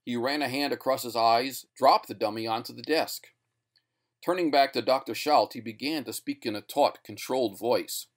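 A male narrator reading a short story as scripted narration. His delivery is steady, in a mid-range voice. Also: mid-range voice, moderate pace.

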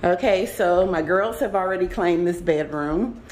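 A young adult woman talks straight to her viewers as she walks through her apartment. She is chatty and enthusiastic, and her voice sounds mellow and warm, recorded on a handheld camera indoors. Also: fairly low pitch, unhurried. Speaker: vlogger. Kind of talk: casual apartment tour vlog. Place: indoors in an apartment, walking room to room.

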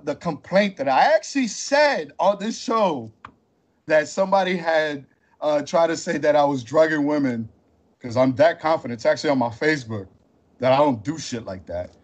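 A man with a slightly high voice hosts a podcast at normal speed. The conversation is heated, and he talks bluntly and confrontationally, using streetwise slang.

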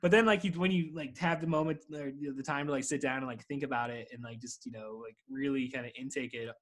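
A man's voice: mid-range voice, fairly even intonation, fast talker, fairly bright tone. A man chatting casually on a podcast, swearing and saying "dude" constantly. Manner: profane, says "dude" a lot. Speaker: podcast co-host. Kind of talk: casual chat.

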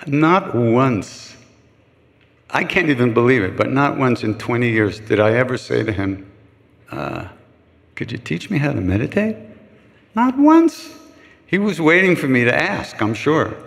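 A man's voice: mid-range voice, vocal fry. An older man telling frank, joking stories to a live audience, acting out other people's voices as he goes. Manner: anecdotal, frank and joking, acts out quoted voices. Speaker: chant leader answering questions. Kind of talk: casual storytelling talk. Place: retreat hall with a live audience. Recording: long reverb of a large room.

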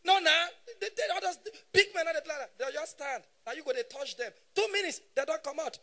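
Male stand-up comic, 30s, Nigerian Pidgin accent, very high pitch, sharp tone, animated delivery. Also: fast. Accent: Nigerian Pidgin English. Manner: animated, shouting punchlines in bursts. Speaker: stand-up comedian. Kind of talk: live stand-up comedy. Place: stage at a live show.

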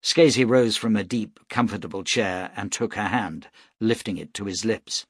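A man narrating an audiobook in a steady, even storytelling manner. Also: fairly low pitch, moderate pace, breathy edge, dry recording, studio quality. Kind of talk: scripted narration.

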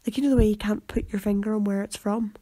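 A young woman co-hosting a podcast, relaxed and rambling in casual chat. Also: medium pitch, fast, no echo, studio quality. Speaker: podcast co-host.

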